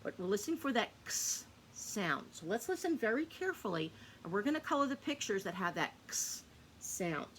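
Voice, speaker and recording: Using big pitch swings at a moderate pace, a woman with a medium, fairly bright voice teaches phonics to young children. She patiently sounds words out and answers her own questions, with a little hiss or hum behind her.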